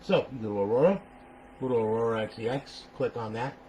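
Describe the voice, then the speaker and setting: A man's voice: mid-range voice, brisk, warm tone, slight background noise, low-quality recording. Chatty man checking in with "okay?". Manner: chatty, tags nearly every phrase with "okay?" or "all right?". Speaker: console modder showing a buyer his system. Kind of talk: casual screen walkthrough.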